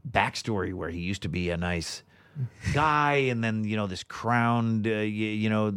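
A man in his forties chats loosely as a guest voice actor, looping through fillers and false starts. His voice sits a bit low, and his delivery is relaxed and meandering. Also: a little slow, smooth, dry recording. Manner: rambling, with many fillers and restarts. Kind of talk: casual interview chat.

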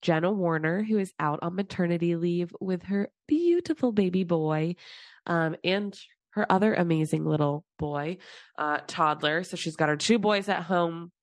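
A woman's voice: on the low side, dry recording, clean studio sound. A woman hosting a podcast in casual, chatty talk, her voice stuffy and congested from a cold. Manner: chatty, rambling, quick asides. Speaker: podcast host. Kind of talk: casual solo podcast chat.

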